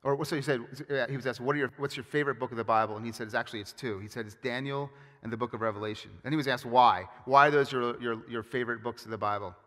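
A man preaching a sermon as pastor, with animated, emphatic storytelling and frequent restarts. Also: medium pitch, fast, few pauses. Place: church sanctuary. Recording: long hall reverb.

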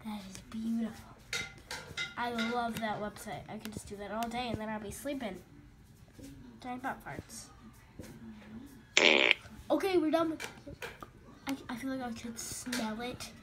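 A woman vlogger giving casual commentary as she browses websites, excitable and quick to gasp and exclaim at what she sees. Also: fairly high pitch. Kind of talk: casual screen-recording commentary. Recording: music clearly audible behind voice.

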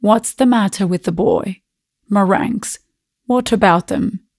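A woman voicing a testy, deaf old grandfather in a storybook reading, loud and gruff. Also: mid-range voice, unhurried, no echo, studio quality.

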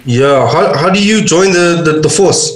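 A young man from South Africa co-hosting a comedy podcast, reading tweets aloud and laughing between jokes. His voice sits a little high, and the room adds a noticeable echo. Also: expressive, a little slow. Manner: joking, reads tweets aloud, laughs often. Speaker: podcast co-host. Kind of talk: casual comedic chat.

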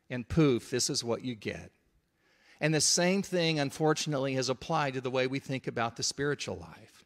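A man preaching a sermon in an earnest, conversational, emphatic way. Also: a little high.

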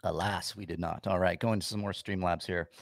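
A man's voice: deep voice, fairly even intonation, a little fast, vocal fry, no echo, clean studio sound. A man hosting a casual livestream, chatting with viewers in a sarcastic, grumpy way. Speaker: livestream host.

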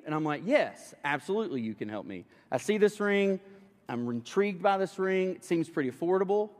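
A young pastor tells a funny personal story in a loose, conversational way. His voice sits a bit high for a man. The sound rings with the long reverb of a church hall. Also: lively intonation, moderate pace. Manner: casual, humorous storytelling to a congregation. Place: church sanctuary.

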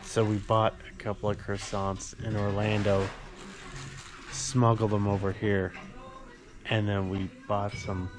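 A man's voice: on the low side, level tone, unhurried, over music. A man casually narrating a food vlog, chatty and playful as he tastes dishes. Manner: chatty, playful commentary while tasting food. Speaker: travel vlogger. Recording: loud street noise behind.

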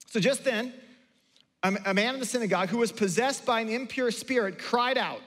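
A male pastor delivers a sermon in a high, light voice. He talks in a loose, conversational way, restarting phrases and acting out quotes with lively energy. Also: a little fast. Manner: conversational, animated, with repeated restarts and acted-out quotes. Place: church sanctuary.

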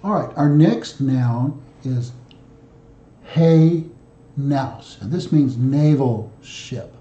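A man works through his language homework out loud, reciting word endings in a slow, methodical drill. His voice is deep and mellow. The recording sounds roomy and a little muffled. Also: animated. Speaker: founder of a study group, self-taught student. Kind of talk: solo study video, reading declensions aloud.

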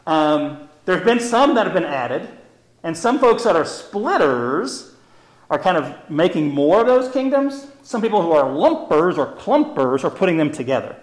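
A man's voice: a little high, big pitch swings, normal speed. A man hosting a live zoo education program, chatty and upbeat, explaining how animals are grouped with memory tricks. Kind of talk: live educational stream, casual teaching. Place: indoor room at a zoo. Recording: echoey room.

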